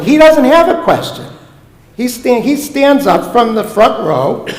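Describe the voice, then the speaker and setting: With a very high voice and a slightly slow delivery, an Omaha man, guest speaker and professor of Jewish education, gives a sermon-style talk in a synagogue sanctuary. He animatedly tells comic stories built around punchlines, and the echoey hall lends a long reverb. He's from the United States.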